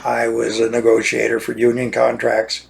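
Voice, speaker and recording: Gravelly older man ranting indignantly. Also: medium pitch, monotone, moderate pace, background noise. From United States. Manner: indignant, repetitive, restarts phrases. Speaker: retired lawyer. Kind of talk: monologue rant.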